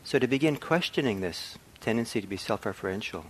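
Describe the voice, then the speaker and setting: Middle-aged male meditation teacher, low voice, reflective and unhurried, faint room hum behind him. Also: animated. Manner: soft-spoken, reflective, with frequent ums and restarts. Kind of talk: dharma talk. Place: meditation hall.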